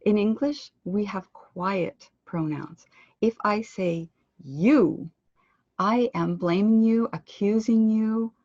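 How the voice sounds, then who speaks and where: A woman giving an online pronunciation lesson, speaking clearly and deliberately and slowing down to model words. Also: on the low side, dark tone, no echo, highs cut off. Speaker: pronunciation instructor. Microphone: computer microphone on a web conference.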